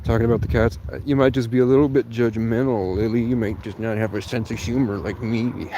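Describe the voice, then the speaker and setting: A man's voice: fairly low pitch, steady tone, fairly quick, gravelly, noisy background. Rambling man livestreaming outdoors at night. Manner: rambling, swearing, talks to chat, bursts into song and sudden shouts. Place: outdoors at a tent in cold rain.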